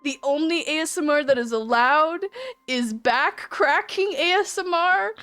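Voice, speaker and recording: A woman's voice: sits high, a little slow, fairly bright tone, no echo. A woman chatting casually on a game stream, laughing often as she talks.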